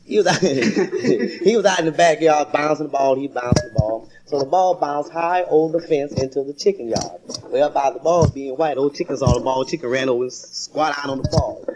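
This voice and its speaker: A man's voice: a little high, moderate pace. A man doing a folksy stand-up comedy routine, telling stories and laughing at his own jokes. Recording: noisy vintage live recording.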